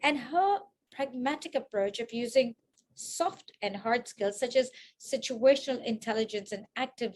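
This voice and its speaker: A woman hosting a book launch, effusive and encouraging as she praises speakers and introduces the next one. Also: fairly high pitch. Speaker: event host.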